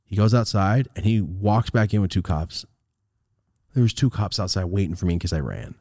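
Animated, profane young man telling a story. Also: moderate pace, no echo, clean studio sound. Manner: animated, profane, acts out quotes with big pitch jumps. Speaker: podcast host. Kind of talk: casual storytelling.

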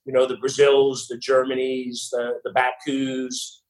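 A man answers interview questions at a mid pitch. He stops and restarts often and fills gaps with ums and uhs. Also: completely flat delivery, a little slow, rough recording. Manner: hesitant, many fillers and restarts. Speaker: racing team boss, guest.

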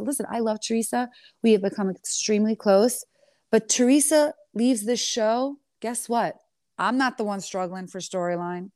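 Reality star woman, sassy and animated, mid-pitched voice, dry close mic. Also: moderate pace, no room sound. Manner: animated, sassy, calls listener honey. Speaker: reality TV star giving an interview. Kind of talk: candid storytelling interview.

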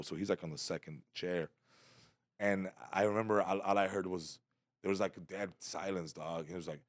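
A man's voice: deep voice, dry recording, studio quality. A man in his thirties, a stand-up comedian, telling a story in casual, profane chat and acting out other people's voices.

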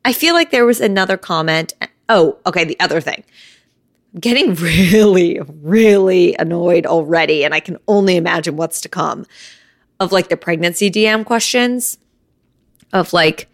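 A woman's voice: fairly low pitch, moderate pace, dry recording, clean studio sound. A young woman hosting her own podcast, talking candidly and a bit out of breath, with frequent "like.". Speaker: podcast host. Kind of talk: casual solo podcast talk. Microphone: phone.

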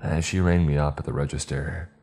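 Male horror storyteller, very low voice, steady delivery, faint music behind. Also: brisk. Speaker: narrator.

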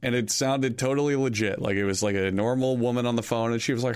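A man co-hosting a casual podcast, telling a story with lively acted-out quotes. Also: medium pitch, fast talker, clean tone. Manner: animated storyteller who acts out quoted voices. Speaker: podcast co-host.

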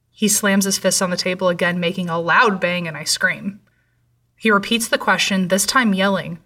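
A young woman narrating a first-person story in a steady, measured way. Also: medium pitch. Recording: voice slightly distant from mic.

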